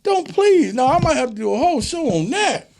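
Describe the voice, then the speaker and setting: Gravelly high-voiced man preaching. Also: very animated, quick pace, a little hiss or hum. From American South. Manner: preachy, emphatic, acts out quoted voices. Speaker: show host. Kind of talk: casual monologue.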